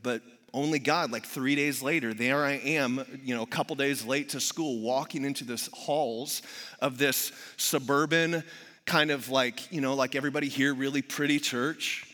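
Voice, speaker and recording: A man's voice: mid-range voice, steady tone, normal speed, pushed and bright, long reverb tail. A male pastor preaching a sermon, telling personal stories with humor and acting out quotes energetically.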